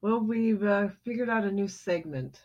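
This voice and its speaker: A woman's voice: medium pitch, moderate pace, darkish tone. A woman co-hosting a podcast, dryly teasing her co-host in casual banter. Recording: dull lo-fi home recording.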